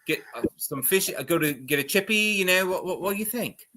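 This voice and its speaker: Brief: man voicing a brawny lovesick warrior, hammy Scottish brogue, bright and loud. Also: high voice, lively intonation, voice pushed up. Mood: flirtatious. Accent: attempted Scottish. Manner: loud, rambling, halting flirtation. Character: huge muscular male warrior, lovestruck and boastful.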